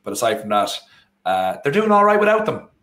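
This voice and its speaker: An Irish man co-hosting a live football watchalong. He rambles with animated energy and often stops mid-phrase to correct himself. His voice sits at a middling pitch and carries a roomy echo. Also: brisk. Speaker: co-host. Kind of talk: casual football watchalong chat.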